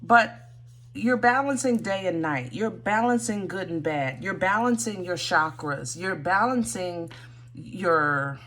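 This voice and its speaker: A woman's voice: on the low side, lively intonation, slow pace, a bit bright. A woman giving a casual tarot reading, thinking aloud with many fillers and restarts. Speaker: tarot reader.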